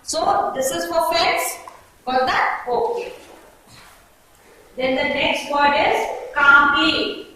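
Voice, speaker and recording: A woman with an Indian English accent training student teachers, giving brisk directions and often checking that they follow. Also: high-pitched, expressive, pushed and bright. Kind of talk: classroom instruction. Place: classroom. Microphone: far camera mic. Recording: echoey classroom from far off, faint noise.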